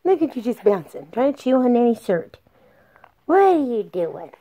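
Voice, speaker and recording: A middle-aged grandmother in slow, soft, sing-song baby talk, coaxing an infant. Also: fairly high pitch, big pitch swings.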